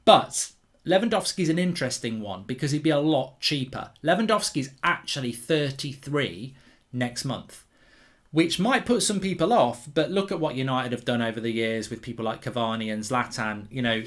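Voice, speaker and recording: A man hosting a football channel, talking through transfer news in an animated, opinionated way, thinking aloud. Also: medium pitch.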